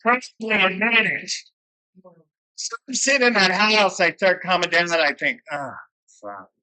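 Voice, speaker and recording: A man's voice: sits high, normal speed, sharp tone, clean tone, rough recording. A man sharing his recovery story at a meeting, candid, profane and self-mocking, in a room where a camera follows him. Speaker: alumni speaker at a recovery meeting. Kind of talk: personal recovery story share.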